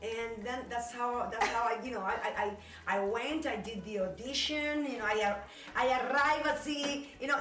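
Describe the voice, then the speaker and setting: Halting woman recorded from afar. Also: on the high side, a bit bright, soft background music. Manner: halting, many restarts. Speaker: actress interviewee. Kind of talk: documentary interview. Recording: roomy, distant mic.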